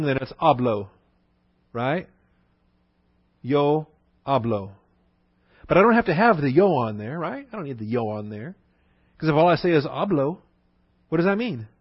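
A man teaching a Bible lesson in a conversational way, repeating phrases for emphasis and slowing down to spell out words. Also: mid-range voice, no echo. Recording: dull, dry lo-fi recording.

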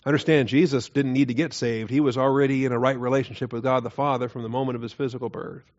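A man's voice: mid-range voice, steady tone, fast, a little mellow. Earnest male Bible teacher, lo-fi sound. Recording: dull lo-fi recording.

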